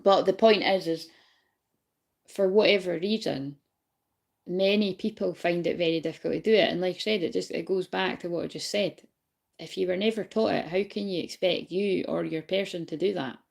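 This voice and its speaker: A woman's voice: fairly low pitch, moderate pace, vocal fry, a little mellow. A woman giving a casual, rambling spiritual reading to viewers. She swears freely, laughs often and keeps asking whether they know what she means. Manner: laughs often while talking. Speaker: spiritual reader.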